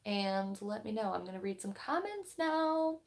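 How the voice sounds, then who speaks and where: A woman's voice: mid-range voice, very animated, a little slow. A woman hosting a spiritual live stream, chatting casually with viewers in a rambling, think-aloud way and reading passages aloud.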